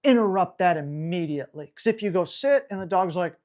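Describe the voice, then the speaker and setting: A woman dog trainer answering viewer questions on a live stream, in a brisk, slangy and blunt way. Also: fairly low pitch, animated, darkish tone. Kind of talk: live Q&A, casual coaching.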